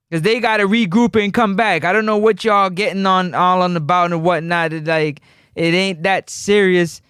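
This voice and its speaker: A man hosting a live call-in football show, teasing and animated in his street slang. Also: high voice, normal speed, clean tone, no echo, studio quality. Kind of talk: casual live sports talk.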